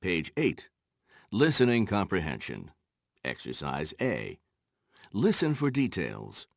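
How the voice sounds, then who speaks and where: A man narrates a language course in a slow, careful, announcing way. His voice sits lowish with a gravelly edge. He swings widely in pitch, and the recording is dry and close. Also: huge pitch swings, no echo. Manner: measured, announcing page and exercise numbers. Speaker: narrator of textbook audio. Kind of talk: scripted instructional narration.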